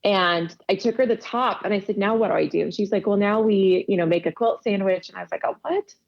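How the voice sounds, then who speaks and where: A woman's voice: medium pitch, fast talker, gravelly. A woman casually telling stories in an interview, laughing often and acting out quoted dialogue. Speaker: podcast guest, quilter. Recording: dull lo-fi audio.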